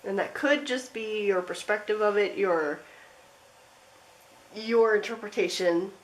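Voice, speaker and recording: Gentle rambling woman tarot reader. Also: mid-range voice, unhurried, poor audio. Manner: rambling, gentle, with frequent fillers and soft laughs. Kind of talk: pick-a-card tarot reading.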